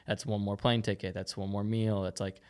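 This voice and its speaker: A man's voice: on the low side, flat delivery, fairly quick, darkish tone, clear, resonant tone. A young man, a BMX rider, chatting casually as a podcast guest, laid-back and laughing often, with lots of filler "like". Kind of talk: casual interview chat.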